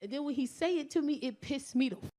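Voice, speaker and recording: New york lady doing standup, high voice, loud and slangy, swearing a lot, yells out punchlines. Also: quick pace, a little hiss or hum. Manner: loud, animated, swings to shouting; profane, slangy. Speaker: stand-up comedian. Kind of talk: stand-up routine.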